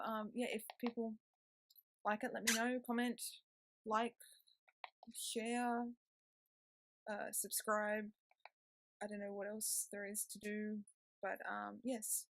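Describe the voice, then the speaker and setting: A young woman, chatting to camera in a rambling vlog, recorded indoors on a laptop webcam mic with a noisy pet bird nearby. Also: on the high side. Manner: rambling, chatty, with frequent ums and self-talk. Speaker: vlogger. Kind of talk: casual chat to camera. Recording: loud background noise from laptop webcam.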